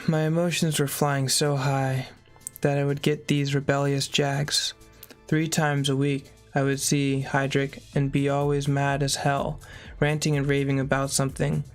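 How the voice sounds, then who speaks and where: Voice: medium pitch, flat delivery, a little slow, faint music behind. A reader reading a memoir aloud in a plain way, breaking off now and then for short spoken asides.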